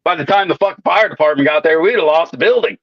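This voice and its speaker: Talking fast in a high-ish voice, a swaggering welder co-host tells rowdy job stories and cusses constantly in casual chat. The audio is dry and lo-fi.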